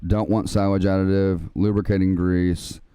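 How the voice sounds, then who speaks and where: Streaming a farming game live, a man teaches viewers the controls, chatting casually and calling them man and dude. His deep, mellow voice barely shifts in pitch, moves at a moderate pace, and sounds clean on a dry recording.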